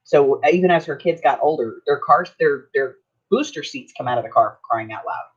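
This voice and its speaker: A woman's voice: low voice, lively intonation, fairly quick, breathy edge. An older woman hosting her own channel, telling stories in a chatty, folksy way and laughing often. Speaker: craft channel host. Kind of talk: casual storytelling chat. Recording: dull lo-fi sound.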